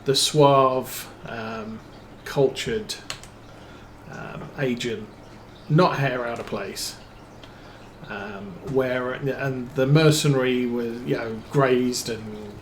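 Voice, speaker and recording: A man tells a meandering story while he plays, trailing off into fillers and restarting his sentences. He talks slowly, and his voice echoes in a roomy space over a faint hum. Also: medium pitch. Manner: rambling, hesitant, many fillers and restarts. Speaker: streamer. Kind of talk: casual storytelling while playing a farming game.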